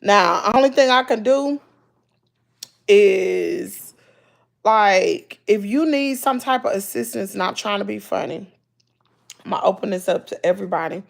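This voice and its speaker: A YouTuber with a Southern accent addresses her live chat in a relaxed, folksy, preachy way, repeating points for emphasis. Her medium-pitched voice has vocal fry and lively intonation, and she takes her time.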